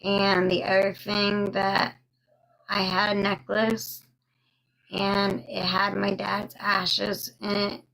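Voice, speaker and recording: A young woman telling a personal story on a live stream, slow and halting with many pauses and fillers, stopping now and then to thank viewers. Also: medium pitch, completely flat delivery, vocal fry, a bit bright, rough recording.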